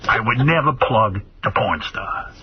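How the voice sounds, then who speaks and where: A man's voice: lowish voice, expressive, unhurried. A man voicing a doting lovesick girlfriend with a put-on accent during a prank call comedy bit on the radio, gushing and theatrical, then snapping into swearing. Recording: dull radio studio sound with clear noise.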